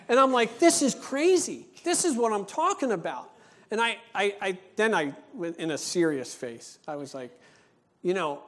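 A male pastor preaching a sermon, telling a story with lively acted-out dialogue, then slowing into an earnest teaching tone. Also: extremely high pitch. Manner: animated storytelling, acting out dialogue; slows down and turns earnest for teaching points.

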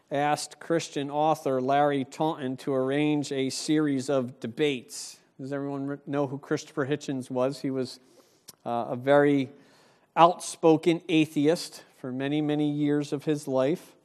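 A man's voice: on the high side, a little mellow. A man preaching a sermon, retelling a story and driving home each point with emphasis. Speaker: pastor.

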